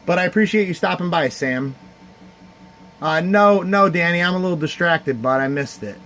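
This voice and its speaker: A man's voice: sits high, normal speed, a bit bright, slight background noise. A man from the Cleveland area hosting a casual livestream charity card auction, heartfelt and rambling as he thanks viewers by name. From Cleveland area, United States.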